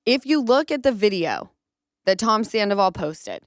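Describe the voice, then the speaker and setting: A woman in her thirties hosts a casual podcast, telling a story and putting on other people's voices as she goes. Her voice is smooth and clear, at a middle pitch, and it sits close in a dry room. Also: moderate pace, no room sound. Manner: animated storytelling, acts out quotes. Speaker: podcast host.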